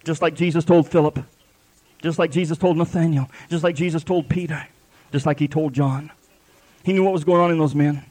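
A man's voice: fairly high pitch, steady tone, fairly quick, a little mellow. A man preaching a sermon at a live church service, fervent and repetitive, with folksy grammar.

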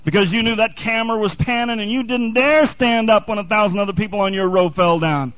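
High-voiced male preacher, dry close mic, impassioned sermon delivery. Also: brisk, a bit bright, no echo, poor audio. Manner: impassioned, building to fervent repetition.

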